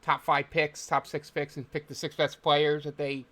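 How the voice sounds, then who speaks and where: A man's voice: on the high side, little pitch movement, normal speed, fairly bright tone. A man hosting a podcast, talking casually about games in a loose, rambling way with many filler words. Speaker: podcast host. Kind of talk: casual chat.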